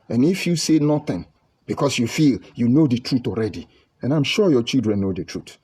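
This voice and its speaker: A man's voice: mid-range voice, mellow, slightly rough. A middle-aged Nigerian man speaking in a heated monologue with a Nigerian English accent, firing off rhetorical questions. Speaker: political commentator. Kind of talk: impassioned online monologue.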